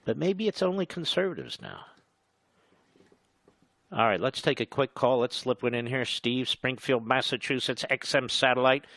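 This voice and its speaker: A middle-aged man hosting talk radio, mocking and sarcastic, slowing down to spell out his points. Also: medium pitch, very animated, fairly bright tone, dry recording. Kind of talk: combative talk radio monologue. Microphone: studio microphone.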